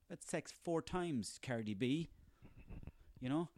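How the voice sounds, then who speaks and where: A man's voice: a little high, expressive, moderate pace, mellow. An Irish man in his thirties delivering a sarcastic, profanity-laden comic rant on his own. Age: 30s. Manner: profane, sarcastic, ranting, rambling.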